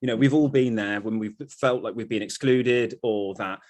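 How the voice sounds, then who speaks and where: A man hosting an open group discussion over a video call, encouraging the others and thinking out loud, with many "you know" fillers. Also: lowish voice, normal speed. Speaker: discussion host.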